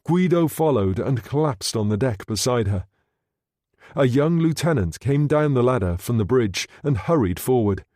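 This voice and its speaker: A man narrating an audiobook in a measured, steady reading. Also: mid-range voice, dry recording, clean studio sound. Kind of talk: scripted narration.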